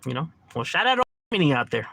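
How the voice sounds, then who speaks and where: A man from Los Angeles hosting a livestream and talking loosely and profanely with strangers. His voice sits a bit high and has a bright, tense edge. He keeps it laid-back and slangy, slipping in Spanish words. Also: sing-song, very fast, gravelly, slightly rough, no echo. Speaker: livestream host chatting with strangers. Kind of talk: casual profane chat.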